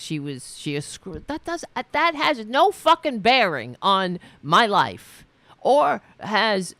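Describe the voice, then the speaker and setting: A woman's voice: medium pitch, a bit bright, no room sound. A woman hosting a political talk show, retelling an argument in a casual, exasperated way, swearing freely and restarting her sentences often. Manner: profane, exasperated, many restarts and fillers. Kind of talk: casual spoken commentary, retelling a debate.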